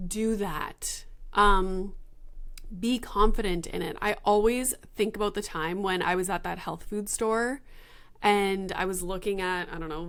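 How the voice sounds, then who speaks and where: A young adult woman hosting a solo podcast, talking casually and frankly with swearing and many fillers. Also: mid-range voice. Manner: frank and chatty, swears freely. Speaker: podcast host.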